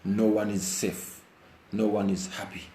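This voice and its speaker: Rain falls outside while this Ugandan vlogger, indoors, speaks with emotion in live commentary, blending Luganda with English and repeating phrases passionately. Though impassioned, his delivery is flat and a little slow, with a fairly low pitch and a dark tone. The room is echoey, with slight background noise.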